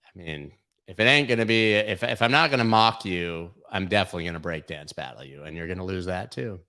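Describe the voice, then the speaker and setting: A man's voice: low voice, brisk, pushed and bright. A man hosting a crypto livestream, going over charts in casual, irreverent commentary full of swearing and mockery. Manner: irreverent, profane, mocking.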